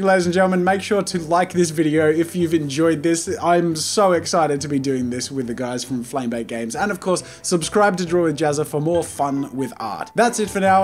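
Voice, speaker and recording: A man hosting a let's play video, chatting enthusiastically with quick asides to his viewers. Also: on the high side, darkish tone. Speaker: host. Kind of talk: game let's play commentary.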